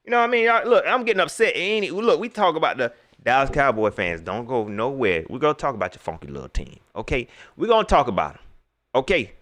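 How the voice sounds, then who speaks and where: A man running a casual sports talk livestream, talking straight to his viewers in loose slang and repeating himself. His pitch swings widely as he gets worked up, and his tone is bright and forceful. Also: very animated, fast. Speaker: sports talk show host.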